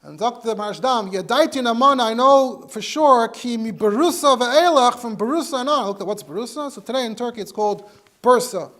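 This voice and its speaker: A rabbi teaches a halacha class in English in a very high-pitched, slightly bright voice. In this Torah lecture he walks through the sources step by step, mixing in Hebrew and Yiddish terms.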